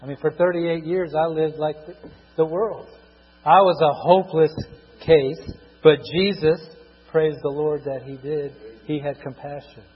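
A middle-aged man preaching a sermon, husky, swinging between loud emphatic bursts and quiet asides, drawing out scripture verses slowly. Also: a little high. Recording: dull lo-fi recording in a reverberant hall with mains hum.

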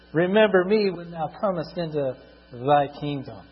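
Middle-aged man, preacher, husky higher voice, emphatic sermon delivery, long reverb, low hum. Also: animated. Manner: preaching with bursts of emphasis, drawn-out reading of scripture. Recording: dull lo-fi recording in a reverberant hall with mains hum.

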